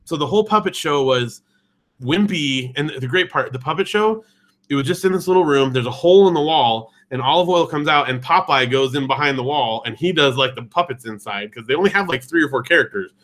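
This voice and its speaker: Male cohost in his thirties, bright tone, lively casual storyteller. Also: a little high, fairly quick. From California. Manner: animated storytelling, mimics voices he heard. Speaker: podcast co-host. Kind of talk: casual chat.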